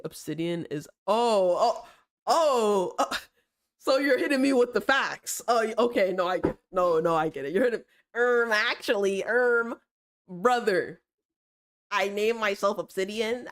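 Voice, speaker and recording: A woman streamer chatting casually and critiquing art, playful and slangy, teasing her chat and explaining ideas slowly. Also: mid-range voice, lively intonation. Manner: explains slowly and repeats herself while drawing.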